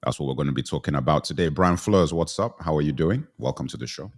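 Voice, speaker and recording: Middle-aged guy with a super deep voice on a live stream, says everything twice, bit stuffy from sneezing. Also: lively intonation, fast. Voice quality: repetitive, says phrases twice. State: sneezing, slightly congested. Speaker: live show host. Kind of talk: live-stream commentary, greeting viewers.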